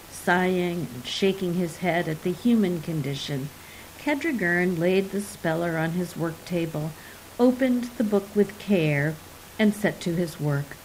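A woman reading a fantasy story aloud in an even, measured storytelling manner. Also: fairly low pitch, slight background noise, poor audio. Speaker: narrator. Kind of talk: scripted audiobook narration.

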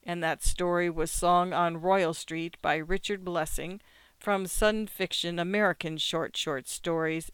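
A reader calmly narrating literary short stories in a measured storytelling manner. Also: mid-range voice, clean tone, dry recording.

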